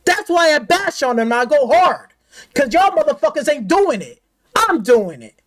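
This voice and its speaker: A woman's voice: high-pitched, sing-song, normal speed. A woman gaming commentator delivering an angry, profane, confrontational rant.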